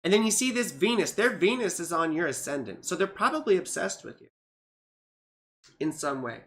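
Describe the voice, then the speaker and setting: A woman astrologer chatting casually on a livestream, rambling with many fillers and grumbling at her software. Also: fairly low pitch, animated, normal speed. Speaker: astrologer reading charts on a livestream.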